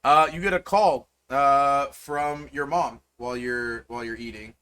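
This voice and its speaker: A man's voice: medium pitch, steady tone, a little slow, bright, forceful tone, clear, resonant tone. A man narrating as game master of a tabletop game, loose and rambling with many fillers.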